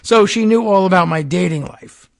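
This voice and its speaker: Gravelly and fairly high-pitched, this podcast host reads a lengthy first-person story at a normal speed in a dry recording. Close to the mic, he regularly breaks off for hushed, sardonic remarks, then returns to the text.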